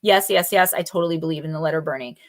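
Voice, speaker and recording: A woman with a low-sitting voice talks at a racing pace while hosting a live oracle card reading stream. She's chatty and informal, shouting out viewers by name, with loose fillers and some mild swearing.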